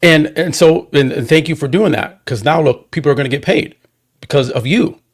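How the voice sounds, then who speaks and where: A man's voice: on the high side, brisk. A male podcast host talking casually and animatedly, often restarting his words as he backs up his guest. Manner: animated, repetitive restarts, supportive.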